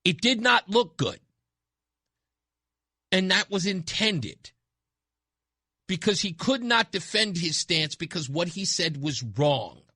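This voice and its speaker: A man's voice: high-pitched, sharp tone, no room sound. A man hosting a talk radio show, speaking bluntly and emphatically into a studio microphone, repeating his points for effect. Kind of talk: opinionated talk radio monologue.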